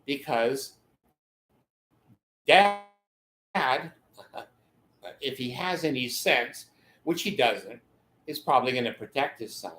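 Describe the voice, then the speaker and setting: A man's voice: medium pitch, animated, slow pace, pauses often. An older man talking in a rambling monologue, laughing mid-sentence and acting out the voices of people in his stories. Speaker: channel host giving advice. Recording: echoey room.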